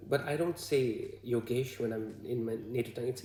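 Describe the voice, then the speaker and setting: Man, Bhutanese accent, halting vlog talk, gravelly voice, echoey room. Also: medium pitch, steady tone, mellow, faint music behind. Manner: hesitant, halting, with many fillers. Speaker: vlogger. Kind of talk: casual talk to camera.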